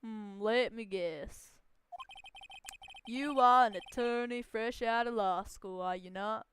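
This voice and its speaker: A woman voicing a pompous, wordy male company boss from a video game, speaking slowly and grandly. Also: on the high side, fairly bright tone, slight background noise. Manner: grandiose, slow and emphatic.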